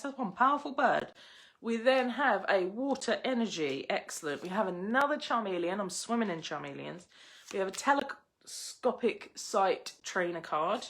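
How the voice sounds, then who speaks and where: A young woman hosting a casual live unboxing, chatty and excitable, gushing over each card she pulls. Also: medium pitch, normal speed. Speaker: livestream host opening card packs.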